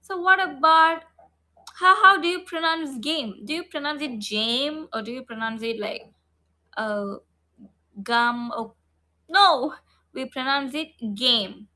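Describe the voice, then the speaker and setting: In an online phonics lesson, a woman with a high, sharp voice repeats each sound over and over at a measured pace. She models mouth shape and breath and checks in with the learner.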